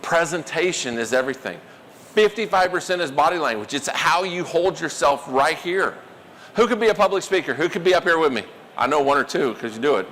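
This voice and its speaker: A man giving a live workshop talk, animated and quizzing the audience. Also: fairly high pitch, a little fast, big-room sound, a little hiss or hum. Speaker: workshop presenter.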